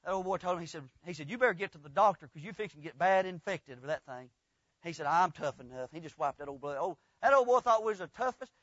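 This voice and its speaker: A man preaching a folksy, rambling storytelling sermon that builds into loud, fervent preaching. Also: fairly high pitch, animated, quick pace, no echo. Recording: dull, lo-fi dry sound.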